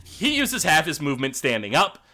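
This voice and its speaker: Casting: lively, bright-voiced male game master, halting narration. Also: fairly high pitch, soft background music. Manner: halting, many fillers.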